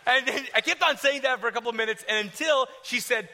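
High, very bright-voiced male pastor. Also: brisk, hardly any pauses. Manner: energetic, joking, self-deprecating; animated storytelling. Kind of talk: sermon and prayer.

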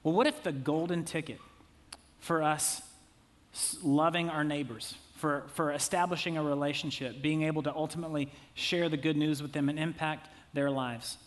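Conversational male pastor, slightly high voice. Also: fairly even intonation, normal speed. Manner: conversational, jokey asides, acts out quotes. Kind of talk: sermon.

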